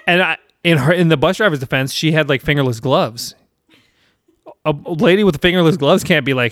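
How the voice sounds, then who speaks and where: A man's voice: a little high, a little fast, a bit bright, no room sound, clean studio sound. A man in his thirties from South Carolina, hosting a casual chat and telling a rambling, profane story with self-deprecating laughs.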